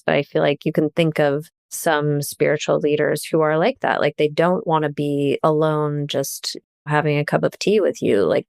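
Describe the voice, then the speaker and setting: A woman with a low, gravelly voice talks as a podcast guest, animated and quick to laugh. The recording is dry and close to the mic. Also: no echo. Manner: animated, laughs while telling stories. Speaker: guest, journalist and author. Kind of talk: casual podcast conversation.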